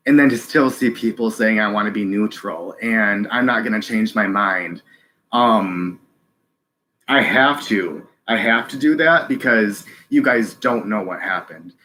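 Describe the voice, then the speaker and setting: A man hosting a live stream, reading chat and speaking earnestly, halting with many ums and restarts, close to tears. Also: fairly low pitch, sharp tone.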